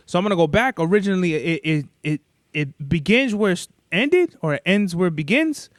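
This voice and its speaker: Speaking a little fast with lively intonation, a young man with a high-sitting voice hosts a casual solo podcast. He spins rambling, laid-back stories packed with swearing, and the studio-quality audio has no room sound.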